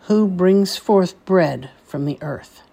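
A woman's voice: on the low side, expressive, slow, gravelly, mellow, slightly rough. A woman teaching a Hebrew blessing phrase by phrase, patiently asking listeners to repeat after her. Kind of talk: slow call-and-repeat instruction.

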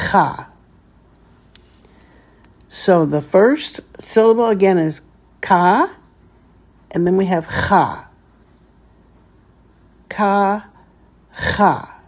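A woman's voice: medium pitch, a little mellow, husky. A woman teaching a beginners' Hebrew reading lesson, patiently sounding out each syllable step by step.

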